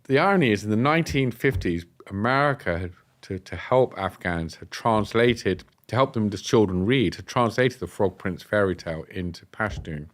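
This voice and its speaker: Brief: English man, lower voice, podcast guest, lively anecdote teller. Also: moderate pace. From England. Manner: animated, acts out quoted dialogue. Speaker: guest telling his story. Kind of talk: casual storytelling. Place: podcast studio.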